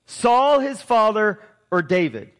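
A man preaching a sermon, retelling a scripture story in a lively way and reading verses aloud. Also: high voice, takes it slowly.

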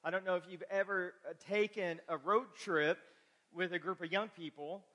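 A high, bright male voice preaches from the pulpit, mixing folksy jokes with earnest encouragement. His words ring out in a long, echoing church hall. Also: fairly even intonation, normal speed. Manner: folksy, joking asides to the congregation. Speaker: pastor. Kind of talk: sermon with announcements. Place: church sanctuary.

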